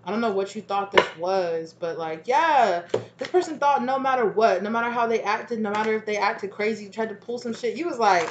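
A woman doing a casual tarot reading, animated and profane, with frequent laughter and quoted asides. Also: fairly high pitch, a little fast, dull audio, very noisy. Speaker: tarot reader.

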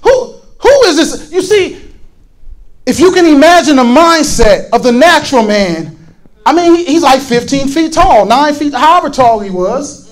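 A man preaching a fiery sermon, often shouting and repeating words as he builds intensity. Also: extremely high pitch, expressive, moderate pace, low-quality recording. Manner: fervent, shouting, repeats words when worked up.

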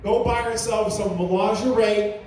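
High-pitched guy doing crude stand-up, sounds far from the mic in a super echoey club. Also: steady tone, measured pace, darkish tone, slight background noise. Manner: crude, rambling, filler-heavy. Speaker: stand-up comedian. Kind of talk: stand-up comedy set. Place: comedy club stage. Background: audience laughter.

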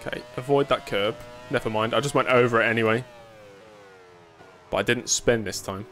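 A man's voice: medium pitch, fairly quick, a bit bright, a little hiss or hum. A man giving casual live commentary while sim racing and chatting with viewers, with dry self-mocking humor.

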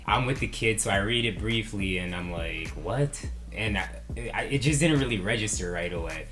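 A man's voice: fairly low pitch, lively intonation, normal speed, music in the background. A young man co-hosting a casual storytime chat, with dry, wry asides. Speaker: co-host.

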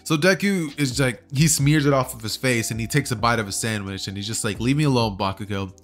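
A man's voice: mid-range voice, brisk, a bit bright, faint music behind. A man casually telling a fan story, chatty and slangy, often checking in with his listeners. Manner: chatty, slangy, keeps asking "right?". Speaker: YouTuber.

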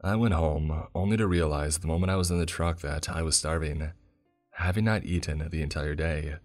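A man reading a first-person horror story as scripted narration, in a steady, measured storytelling manner. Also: a bass voice, soft background music.

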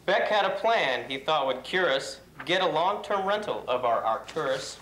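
A man reading a rhyming holiday poem in a steady, measured way for a company video. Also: on the high side, a little hiss or hum. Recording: echoey room.

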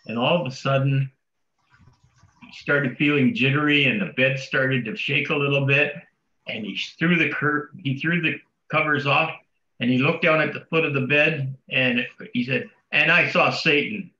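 Bright-voiced man telling a church anecdote. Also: medium pitch, normal speed. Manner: relaxed anecdote telling, stumbles on words. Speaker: study group member. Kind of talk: casual storytelling. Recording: dull sound in a roomy space.

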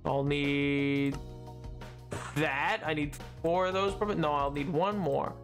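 Soft background music accompanies a young man livestreaming a game in a slightly high, steady voice, taking his time. He answers questions aloud in relaxed, playful rambles full of self-corrections.

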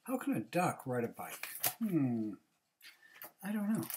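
A woman reading a picture book aloud, pausing for chatty asides to young listeners. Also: low voice, very animated, very noisy. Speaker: reader.

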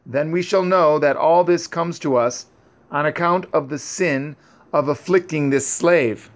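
Man doing scared caravan traders, higher voice, urgent, pleading, scripture story reading. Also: measured pace. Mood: fearful, pleading. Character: frightened men of a merchant caravan.

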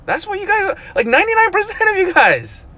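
A man in his thirties talking casually on a live stream, animated and full of "dude" and "like", with loud outbursts and mumbled asides. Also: very high voice, quick pace. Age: 30s. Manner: lots of "like" and "dude", repeats himself. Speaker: vlogger.

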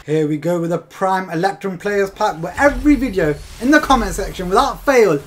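A man's voice: high voice, slight background noise. Chatty gaming guy, exasperated. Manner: chatty, exasperated, laughs through disappointment. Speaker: gaming video host. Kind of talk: casual pack-opening commentary.

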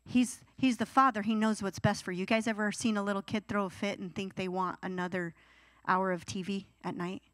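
This is a young adult woman, a youth pastor, preaching briskly to young people in a mid-range voice. She's animated, slipping into whiny teenage voices as she goes, and the recording is dry.

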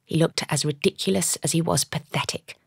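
A woman narrating an audiobook in the first person, measured and storytelling, recorded on a studio microphone. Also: deep voice, vocal fry, breathy edge, no room sound. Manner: measured storytelling with lively character dialogue.

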